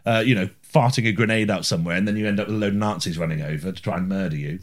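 A man's voice: sits low, rapid-fire. A man co-hosting a casual chat about retro video games, joking and laughing often as he talks. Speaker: podcast co-host.

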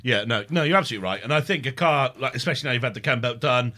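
A man's voice: mid-range voice, racing, sharp tone, no echo. A man hosting a podcast, chatting casually and jokily. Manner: chatty, jokey. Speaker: podcast host. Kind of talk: casual chat.

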